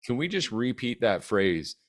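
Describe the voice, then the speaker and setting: A man's voice: medium pitch, very animated, a little slow. A man co-hosting a casual podcast who jokes, laughs easily and chimes in with his own take. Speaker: podcast co-host.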